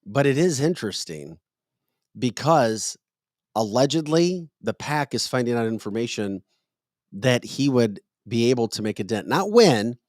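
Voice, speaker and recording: A male podcast host talking politics in a casual, emphatic way, cracking jokes and lecturing as if scolding someone. His voice sits at an ordinary mid pitch and is recorded dry and close. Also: lively intonation, a little slow, a little mellow, no room sound.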